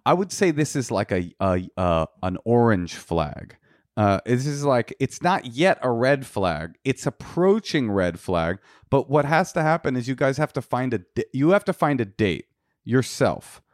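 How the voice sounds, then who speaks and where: A man's voice: medium pitch, big pitch swings, unhurried, dry recording. Man, podcast co-host, casual joking advice, dry studio sound. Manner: playful, joking, restarts often.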